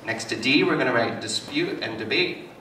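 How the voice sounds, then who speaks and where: A man giving a live talk as a psychotherapist, telling stories with animated, self-mocking humor to an audience. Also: mid-range voice, moderate pace. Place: hall with an audience. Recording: echoey hall, mic at a distance, noisy.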